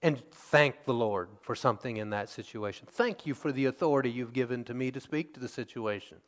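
Speaking fairly quickly in a large hall, a medium-pitched man gives a sermon that mixes scripture reading with acted-out quotes, his loudness moving between emphatic and quiet.

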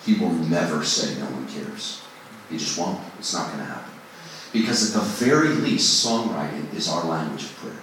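A very deep male voice with big pitch swings and a bit of brightness carries a casual songwriting talk at a moderate pace, over a little hiss or hum. He addresses a group informally, captured by a distant mic in a large, very echoey room, and he's conversational, self-deprecating and given to acting out inner voices.

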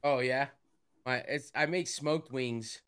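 Smooth-voiced laid-back man. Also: medium pitch, slow, a bit bright. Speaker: podcast guest. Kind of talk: casual chat.

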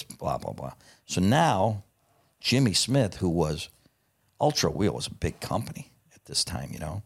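A middle-aged man telling a profane, lively anecdote in casual conversation. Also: low voice, measured pace, gravelly, husky. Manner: profane, animated anecdote teller. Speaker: guest. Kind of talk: casual storytelling.

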